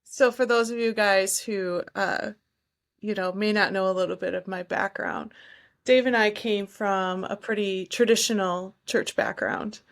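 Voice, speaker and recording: A woman's voice: medium pitch, fairly even intonation, a little slow. A woman hosting a podcast, chatting casually and reacting to her guest. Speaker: podcast host. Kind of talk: casual chat.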